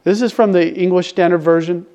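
An older man preaching to his congregation in a conversational, animated way, often restarting his sentences and getting excited. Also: high-pitched, brisk. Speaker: pastor. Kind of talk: conversational sermon.

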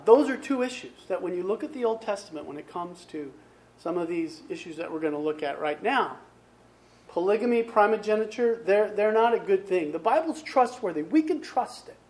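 A man preaching a sermon in a conversational way, often asking his listeners rhetorical questions. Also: high voice. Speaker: pastor.

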